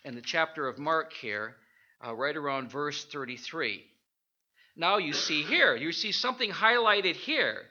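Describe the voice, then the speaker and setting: Bright-toned man leading a Bible study. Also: a little high, expressive, muffled recording. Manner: thinking aloud, halting restarts, rhetorical questions. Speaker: Bible teacher. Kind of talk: informal Bible study sermon.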